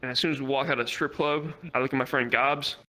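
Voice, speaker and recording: Bright-voiced young man telling a rambling story. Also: mid-range voice, fairly even intonation, quick pace, low-quality recording. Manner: rambling, profane, fillers like "like" and "whatnot". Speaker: stand-up comedian. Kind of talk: stand-up storytelling. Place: virtual reality comedy club.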